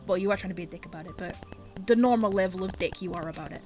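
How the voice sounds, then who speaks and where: A woman's voice: fairly low pitch, rapid-fire, darkish tone, faint music behind, low-quality recording. A Scottish woman streaming, chatting casually and bluntly while she plays, swearing freely. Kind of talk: casual chat while gaming.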